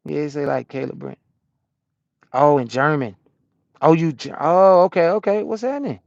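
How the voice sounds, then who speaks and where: Man, trucker streamer, casual slangy chat, slightly high voice, dry, dull cab audio. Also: moderate pace, gravelly, dry recording. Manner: loose slangy talk, answering chat out loud. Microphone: small camera-mounted microphone.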